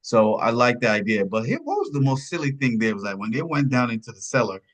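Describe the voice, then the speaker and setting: A man co-hosting a podcast, chatting casually about a film, rambling and searching for words, his pitch jumping up when surprised. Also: sing-song, quick pace. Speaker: podcast co-host. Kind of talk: casual film review chat.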